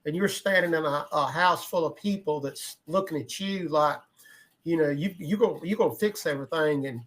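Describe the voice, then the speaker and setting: Man in his 60s, slightly higher pitch, rambling conversational co-host. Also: moderate pace, fairly bright tone. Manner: rambling, repeats words while thinking aloud. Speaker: podcast co-host, emergency medical veteran. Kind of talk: casual conversation.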